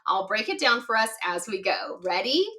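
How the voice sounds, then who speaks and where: Woman teacher for early readers: bright, lively voice, unhurried, encouraging. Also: mid-range voice. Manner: patient, encouraging, spells words slowly letter by letter; cheerful praise. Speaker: phonics teacher. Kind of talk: children's reading lesson.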